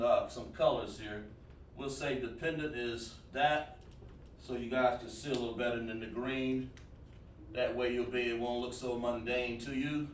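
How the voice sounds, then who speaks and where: A man's voice: mid-range voice, slight background noise. A man teaching an online lesson, coaxing students with repeated questions. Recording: echoey room, far from mic.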